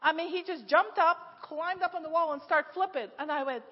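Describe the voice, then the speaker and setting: A middle-aged woman preaching a sermon at her church, telling stories in a lively way with frequent laughs and lots of "like". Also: extremely high pitch, a little fast. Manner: lively storytelling, laughs often, many "like"s. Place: church sanctuary. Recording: echoey hall, dull lo-fi sound.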